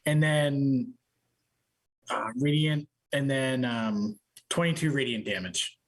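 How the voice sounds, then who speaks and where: A man playing a tabletop game, hesitant, pausing as he works out his attack. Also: medium pitch. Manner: hesitant, counting dice aloud. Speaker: player.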